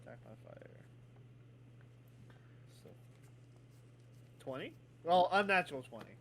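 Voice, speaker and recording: A man playing in a tabletop game, speaking quietly and offhand. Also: a little high, animated, unhurried, gravelly, slightly rough. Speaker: player. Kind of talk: casual tabletop game banter.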